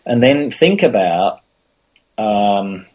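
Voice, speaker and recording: Guest, male, low husky voice, earnest and repetitive. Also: lively intonation, drawn-out words, darkish tone. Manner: earnest, many restarts and "you know". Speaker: podcast guest. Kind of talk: casual interview talk.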